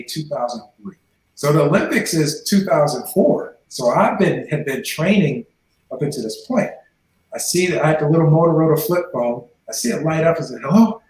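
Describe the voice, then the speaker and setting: A former NFL player in his forties, guesting on a podcast, tells his life story and acts out the voices of the people he quotes. His pitch is fairly high. The room is echoey, with a little hiss or hum.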